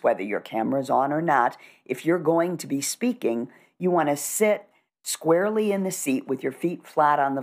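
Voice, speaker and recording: A middle-aged woman working as a communication coach, speaking in an instructive, measured and assured way during a conversational interview. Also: low voice.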